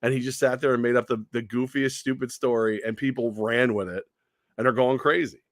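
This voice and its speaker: Animated man on sports radio. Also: mid-range voice, fairly quick, no echo, clean studio sound. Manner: animated, laughing, repeats himself. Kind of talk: casual sports talk.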